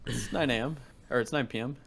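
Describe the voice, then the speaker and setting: A man's voice: medium pitch, fast talker, gravelly, a bit bright. A man joining a live stream chat in a playful, teasing way.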